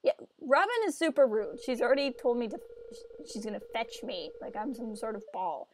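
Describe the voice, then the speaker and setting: A woman's voice: fairly high pitch, lively intonation, a little fast, a little mellow, no echo. A woman live-streaming a game, chatting casually and self-mockingly with her viewers and laughing often.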